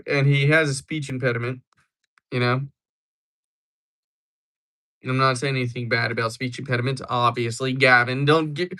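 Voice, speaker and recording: A man's voice: medium pitch, bright, forceful tone. Young man joking with his stream chat. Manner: joking, rambling replies to chat. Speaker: livestream host. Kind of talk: casual chat with viewers.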